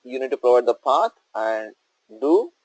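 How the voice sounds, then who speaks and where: A man's voice: medium pitch, very animated, normal speed, a little mellow, no echo, low-quality recording. A male instructor walking through a coding tutorial on screen, explaining step by step and checking in with "okay?" and "right?".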